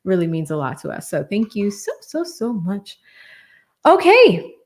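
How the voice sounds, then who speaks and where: A woman's voice: medium pitch, wildly swooping pitch, a little slow. A woman hosting a livestream, chatting casually, thanking donors and laughing often. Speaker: livestream host.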